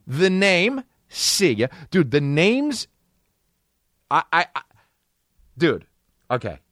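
Animated, swearing male comedian. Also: fairly high pitch, dry recording, clean studio sound. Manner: excitable, swearing, jumping between voices. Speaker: comedy podcast host. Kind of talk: profane comedic rant.

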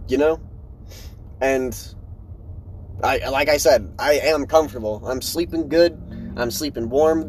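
A man's voice: medium pitch, darkish tone. A young man talking casually on his own podcast, slangy and swearing, recorded in his truck in a parking lot. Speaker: podcast host.

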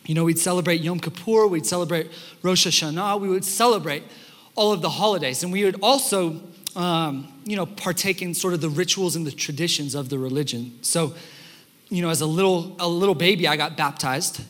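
A young man preaches from a church stage, telling lively stories and slipping into the voices of the people he quotes. His voice sits high and sounds bright and forward. A long hall reverb trails behind each phrase. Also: a little fast. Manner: animated storytelling, acts out quotes. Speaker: pastor. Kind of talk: sermon. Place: church sanctuary.

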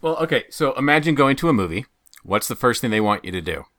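A man in a casual conversation, playful and animated, acting out bits of dialogue. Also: medium pitch, fast. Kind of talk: casual chat.

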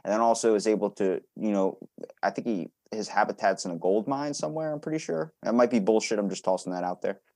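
A man's voice: fairly low pitch, fast, darkish tone, no echo. A man hosting a podcast in casual chat, joking around loosely and swearing now and then. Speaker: podcast host.

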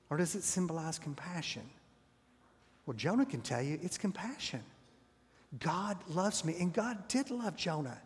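A man's voice: fairly high pitch, slightly rough. A man preaching a sermon, telling a story and often dropping his voice to a near whisper. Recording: long reverb of a large hall.

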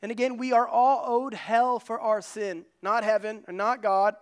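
A male pastor preaching a sermon in an earnest way, moving between loud emphasis and hushed asides. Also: sits high, flat delivery, moderate pace, clean tone.

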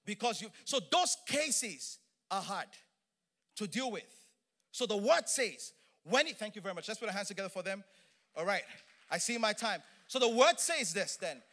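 Middle-aged male preacher, high and bright tone, emphatic, lively sermon delivery. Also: normal speed. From Nigeria. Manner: animated, emphatic, playful asides.

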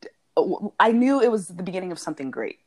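A woman's voice: mid-range voice, big pitch swings, fast talker. A woman in her thirties in casual conversation, effusive and chatty, laughing easily as she talks. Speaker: podcast co-host.

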